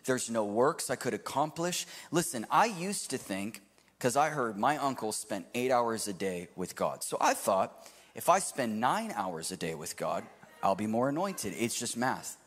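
Animated male preacher in echoing hall. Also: medium pitch, unhurried. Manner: animated preaching, swings loud to hushed. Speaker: pastor. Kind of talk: sermon. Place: church hall with live audience.

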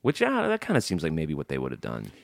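Low-voiced jokey podcast man. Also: gravelly, dry recording, clean studio sound. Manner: animated, jokey, quick asides. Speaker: podcast co-host reading listener emails. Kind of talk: casual chat.

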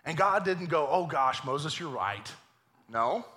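A man preaching a lively, joking sermon in a church, acting out voices as he goes. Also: on the high side, slow pace. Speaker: pastor. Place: church sanctuary.

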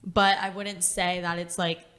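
Young female co-host, bright voice, animated, teasing storyteller. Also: fairly low pitch, measured pace. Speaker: podcast co-host. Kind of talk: casual chat.

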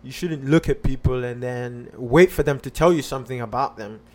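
A man's voice: medium pitch, brisk, a little mellow. A man on a podcast casually telling a personal story, rambling with lots of fillers and restarts.

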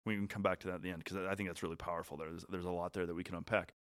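A man hosting a podcast, telling a hiking story in a relaxed, chatty way with pauses and restarts. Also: deep voice. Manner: animated, trailing pauses and restarts. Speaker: podcast host. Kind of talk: casual storytelling chat.

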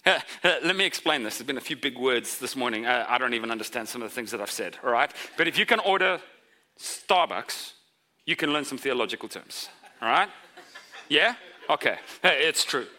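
A man preaching a sermon in a church, animated and joking with the congregation as he explains scripture. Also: medium pitch, brisk. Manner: animated, jokey asides to the congregation. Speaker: pastor. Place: church sanctuary.

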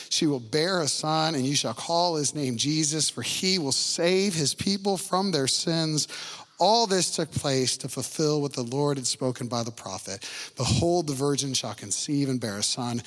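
A young adult man preaching a sermon in a relaxed, conversational way, playfully acting out the people in the story. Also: a little high, long reverb tail. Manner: conversational, playful, acts out quoted lines. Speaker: pastor.

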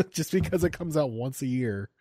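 A man's voice: mid-range voice, lively intonation, measured pace, mellow. Teasing man in a loose group chat. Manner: teasing, laughing, profane.

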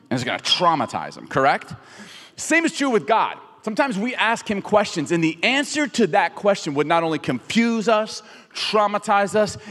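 Lively storytelling male pastor in a theater. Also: a little high. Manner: animated storytelling with jokes and acted-out quotes. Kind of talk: sermon. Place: large theater. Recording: long reverb of a big theater hall.

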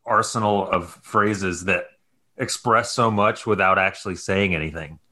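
A low male voice belonging to a podcast host. He talks in loose, wandering sentences and restarts his thoughts as he goes, keeping the chat on track. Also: unhurried, bright, forceful tone. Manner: rambling, thinking aloud with restarts. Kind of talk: casual chat.

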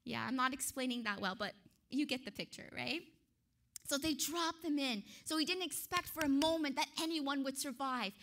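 A woman's voice: high-pitched, moderate pace, fairly bright tone. A woman preaching a sermon in an earnest, emphatic way, often correcting herself with a light laugh.

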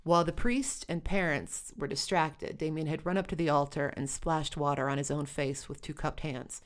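A woman's voice: deep voice, normal speed. A woman telling a first-person story with wry, dry humor.

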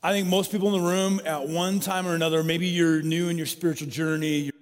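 A man's voice: fairly high pitch, flat delivery, brisk. A man preaching a sermon in an emphatic way, repeating his key phrases. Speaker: pastor. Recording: long hall reverb.

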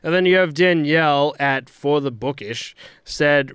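A man's voice: on the high side, measured pace, hardly any pauses, fairly bright tone, clean tone, no echo, clean studio sound. Young man rambling in a casual podcast. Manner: rambling, trails off, acts out quotes. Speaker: podcast co-host. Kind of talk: casual hockey chat.

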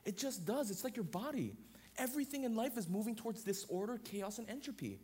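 A man's voice: high-pitched, animated, brisk, a little mellow, husky. A man in his thirties preaching a sermon as pastor, emphatic, building points through repeated parallel phrases.

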